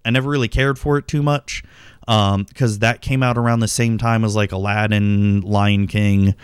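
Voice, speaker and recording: Low, smooth-voiced rambling streamer guy. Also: fairly even intonation, normal speed, no room sound, clean studio sound. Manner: rambling, profane, self-correcting. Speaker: streamer and podcast host. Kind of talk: casual livestream chat.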